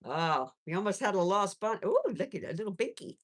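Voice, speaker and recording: A woman's voice: mid-range voice, big pitch swings, brisk. A woman hosting a casual live stream from home on her phone, chatting with viewers and cooing at her pets. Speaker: pet channel host.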